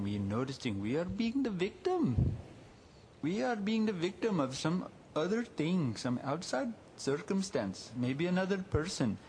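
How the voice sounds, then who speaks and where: A man hosting a podcast, talking calmly and unhurriedly in a reflective monologue, lingering on words. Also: fairly high pitch, a little hiss or hum. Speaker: podcast host.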